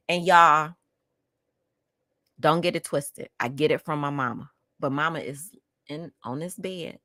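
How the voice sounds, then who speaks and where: Addressing her audience directly, this podcast host recounts something from her own life with heated, outspoken emphasis. She has a low, sharp-toned voice, speaks at a measured pace and pauses often, in a studio-quality recording with no room sound.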